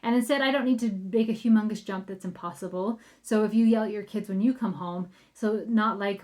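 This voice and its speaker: A woman's voice: medium pitch, brisk, hardly any pauses, darkish tone. A woman in her thirties, a parenting coach hosting a solo podcast, upbeat and chatty, addressing listeners as friends.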